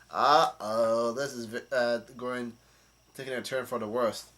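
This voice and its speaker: Bright-voiced man recapping comics casually. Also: mid-range voice, steady tone, unhurried. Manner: rambling, many fillers and restarts. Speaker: channel host.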